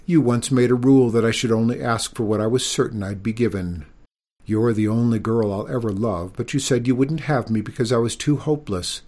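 A man voicing a polite, hapless young prince who pleads with courteous, pitched-up speech. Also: fairly quick, darkish tone, natural voice. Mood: sad.

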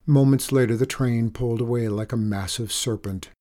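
Man, audiobook narration, measured, even, mid-pitched voice.

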